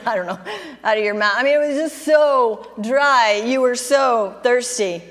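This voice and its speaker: A woman's voice: high-pitched, in a large hall. A middle-aged woman pastor preaching a sermon, chatty at times, then building to fervent emphasis. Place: church sanctuary.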